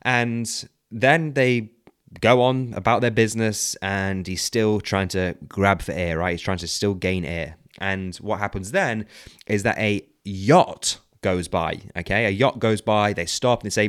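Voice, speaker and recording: A man's voice: lowish voice, measured pace, fairly bright tone, clear, resonant tone. A man hosting a solo business podcast, talking conversationally with frequent fillers and "okay?" check-ins. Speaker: podcast host.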